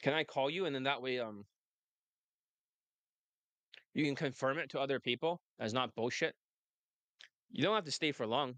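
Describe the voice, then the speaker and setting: A man's voice: mid-range voice, normal speed, pauses often, fairly bright tone, no echo. Brash, rambling male dating coach. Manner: brash, rambling, laughs often. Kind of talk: casual monologue and phone chat.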